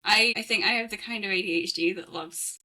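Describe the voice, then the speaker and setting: A woman's voice: medium pitch, a little fast, sharp tone, low-quality recording. A woman with an English accent co-hosting a film podcast, talking bluntly and casually with plenty of swearing. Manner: blunt and outspoken, swears freely. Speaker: podcast co-host. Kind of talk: casual chat.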